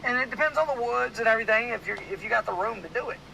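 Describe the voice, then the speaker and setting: Racing through a hunting story, a drawling man from Louisiana hosts a casual podcast, rambling animatedly and leaning heavily on "like." The voice is high, sharp and bright with a gravelly edge, and a faint hiss runs beneath the poor audio.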